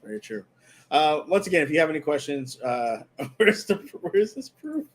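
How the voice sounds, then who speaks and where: A man's voice: a little high, very animated, normal speed. A man co-hosting a casual sports podcast on a live stream, teasing and laughing often. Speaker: podcast co-host.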